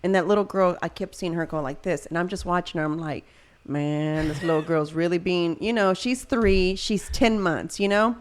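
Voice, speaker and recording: A woman's voice: fairly low pitch, normal speed, hardly any pauses. A woman in her thirties, a mother, chatting casually on a podcast and acting out the voices in her stories. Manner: animated storyteller, acts out quoted voices. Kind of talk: casual chat.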